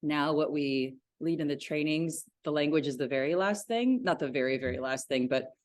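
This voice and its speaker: A woman in her forties, a yoga teacher, talking about her practice in a casual podcast interview, enthusiastic and quick to laugh. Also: low voice, dry recording. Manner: enthusiastic, laughs easily, thoughtful.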